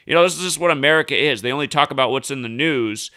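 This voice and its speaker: A man's voice: medium pitch, quick pace, few pauses, bright, forceful tone, clear, resonant tone. A man in his thirties giving a rambling, indignant commentary, emphatic and full of restarts. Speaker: conspiracy news commentator. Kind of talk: casual ranting commentary.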